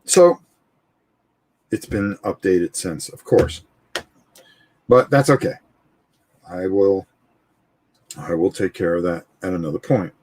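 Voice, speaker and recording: A man hosting a live tabletop game stream, explaining rules casually and thinking aloud, often pausing on "all right" and repeating himself. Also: sits low, darkish tone. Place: indoors at a gaming table, filmed from overhead.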